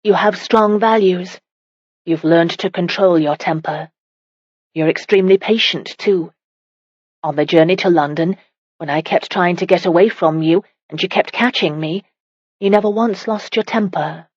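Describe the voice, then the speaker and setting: A woman's voice: fairly low pitch, normal speed, husky, no echo, dull audio. A woman voicing a defiant young noblewoman. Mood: emphatic. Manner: raised, emphatic pleading.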